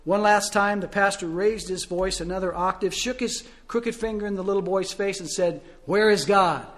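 A male pastor preaching a sermon, telling stories and asking rhetorical questions, swinging between loud and soft. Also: sits high, fairly even intonation, moderate pace.

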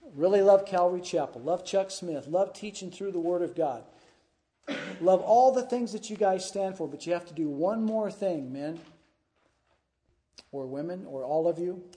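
Pastor putting on a breezy visiting preacher, insistent, mellow and somewhat high. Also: male voice, animated, moderate pace. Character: imagined male visiting preacher pushing an extra rule.

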